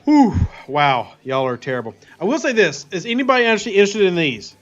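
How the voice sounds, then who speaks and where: A man's voice: high voice, very animated, brisk, fairly bright tone, lo-fi sound. A man hosting a casual gaming livestream, reading viewer chat aloud and answering playfully. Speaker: livestream host.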